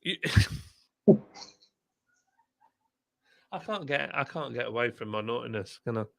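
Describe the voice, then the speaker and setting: A man's voice: medium pitch, lively intonation, a little slow, gravelly, fairly bright tone, dry recording, studio quality. A man hosting a casual livestream chat, talking bluntly and laughing often. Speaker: livestream host, former brewery boss.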